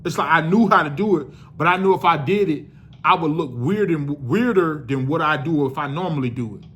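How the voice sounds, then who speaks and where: A young adult male vlogger tells his viewers a story at a fairly quick pace, loose, slangy, and casual, swearing freely. His voice jumps up when he gets excited and drops low when he turns reflective.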